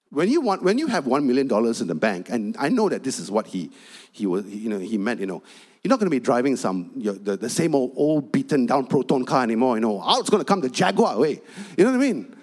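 A man's voice: medium pitch, darkish tone. A man preaching a sermon, telling a personal story in a chatty way with frequent asides and turning emphatic as he preaches. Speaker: pastor.

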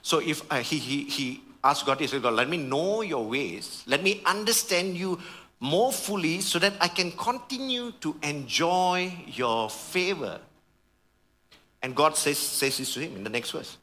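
A man preaching a sermon as pastor, fervent, dropping to hushed tones and rising to raised emphasis, calling out to the congregation. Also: a little high, lively intonation, measured pace, a little hiss or hum. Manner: calls out to the congregation.

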